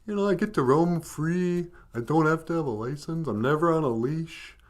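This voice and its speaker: A man's voice: a little high, moderate pace, natural voice. A man voicing a goofy young male reservation dog that jokes at its own puns, in a puppet comedy. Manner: jokey, laughs at own puns.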